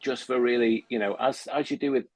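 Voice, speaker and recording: A man's voice: medium pitch, steady tone, poor audio. A man joining a live stream as a guest, talking hesitantly with many restarts, through wireless earbuds. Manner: halting, apologetic, many restarts. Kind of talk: casual live-stream chat.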